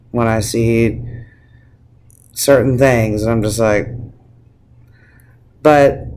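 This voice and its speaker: A man's voice: mid-range voice, slight background noise. A man on a casual video blog, ranting emotionally, teary-eyed and swearing freely, with frequent restarts. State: teary, on the verge of crying. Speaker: vlogger. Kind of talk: casual opinion rant to camera.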